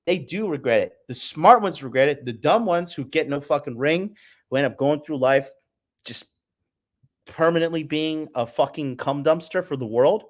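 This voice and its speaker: A man hosts a live-streamed dating talk show, reading the chat in a brash, profane and mocking way and calling the audience "bro." His pitch is fairly high and his speed normal.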